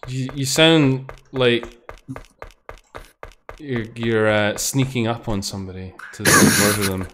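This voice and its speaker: A man's voice: medium pitch, slow, a bit bright, slight background noise. A man streaming a game, chatting casually and laughing while he swears at what happens on screen. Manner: laughing, swearing, talking to himself.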